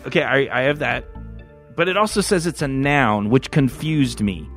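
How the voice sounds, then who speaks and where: A man co-hosting a podcast, talking casually, profane and rambling, with excitable bursts. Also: medium pitch, moderate pace, soft background music. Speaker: podcast co-host. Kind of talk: casual crude podcast banter.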